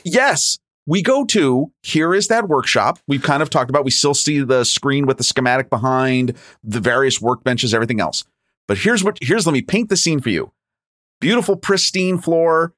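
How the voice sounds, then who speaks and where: A man's voice: medium pitch, expressive, normal speed, fairly bright tone, no room sound, clean studio sound. A man co-hosting a casual movie commentary chat, eagerly describing and painting scenes. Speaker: podcast co-host.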